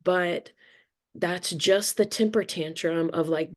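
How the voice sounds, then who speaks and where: A woman's voice: fairly low pitch, slow. A middle-aged woman talking candidly and reflectively, rambling a little and swearing casually. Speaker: spiritual reader sharing experience.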